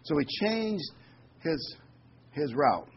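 A man's voice: fairly high pitch, very animated, takes it slowly. A man preaching a sermon, reading scripture with rising emphasis and adding folksy, conversational asides full of fillers. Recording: slightly dull, faintly noisy recording.

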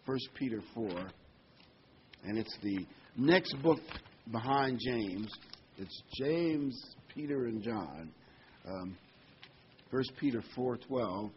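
A male pastor of middling pitch preaches, leaning hard on single words and slowing down on the key phrases. The recording sounds dull and lo-fi, with a faint hiss behind him. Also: animated. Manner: emphatic, with sudden stresses and slowed key phrases. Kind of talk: sermon.

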